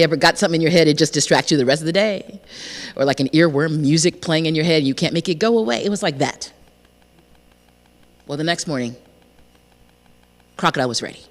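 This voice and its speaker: A woman telling a folk tale to a congregation, lively and repetitive, inviting listeners to join in. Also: on the low side. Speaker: guest storyteller. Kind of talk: storytelling to a congregation. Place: church sanctuary. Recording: long reverb of a sanctuary.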